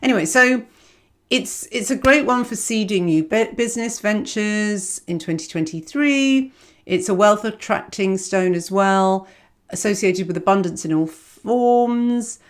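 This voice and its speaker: A woman's voice: medium pitch, measured pace. A woman giving a casual astrology reading, rambling and self-mocking. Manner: rambling, digressive, self-mocking, laughs often.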